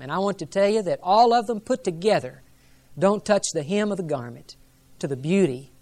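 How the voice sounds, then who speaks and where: A male pastor preaching a sermon in an earnest, reverent way, building to emphatic rises. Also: high-pitched.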